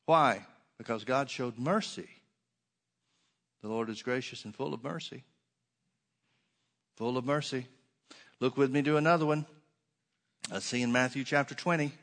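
A man preaching a sermon, reading scripture aloud and swinging between emphatic stresses and soft, quiet asides. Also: medium pitch, normal speed, long pauses.

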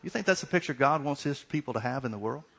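A man's voice: mid-range voice, lively intonation, fast, gravelly, fairly bright tone. A middle-aged man preaching a sermon, asking repeated questions and acting out little dialogues. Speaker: pastor.

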